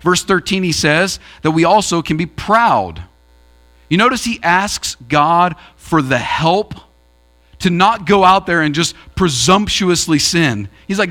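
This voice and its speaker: A man's voice: sits high, animated, a little slow, pushed and bright. A man preaching a sermon as pastor, building emphasis through repeated phrases. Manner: preaching with rising emphasis and repetition.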